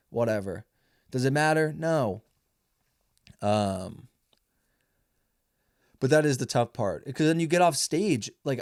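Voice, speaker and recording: A man's voice: mid-range voice, darkish tone, dry recording, clean studio sound. A man in his twenties, a stand-up comedian, rambling and swearing his way through a casual, self-mocking monologue. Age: 20s. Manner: rambling, profane storytelling. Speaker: stand-up comedian, podcast host.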